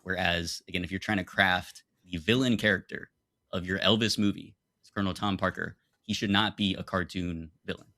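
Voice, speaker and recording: A young man making his case in a lighthearted film debate, insistent and quick to laugh. His voice is very deep with a gravelly edge, and the sound is dry and close. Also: fairly even intonation, pushed and bright, no echo. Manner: argumentative, insistent, laughs easily. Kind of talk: casual comedic debate.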